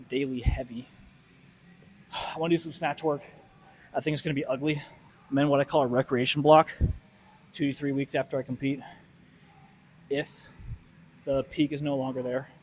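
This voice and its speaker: A man out of breath in a gym, talking casually to a nearby camera between his weightlifting sets in a halting, breathy way. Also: mid-range voice, darkish tone, a little hiss or hum. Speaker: weightlifter vlogging his workout. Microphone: camera set up nearby in the gym.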